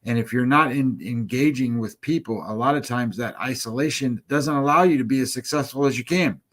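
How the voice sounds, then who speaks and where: A man's voice: mid-range voice, a little fast, fairly bright tone. A man co-hosting a sports betting show, giving an earnest motivational segment in a coaching tone, with frequent fillers and repeated phrases.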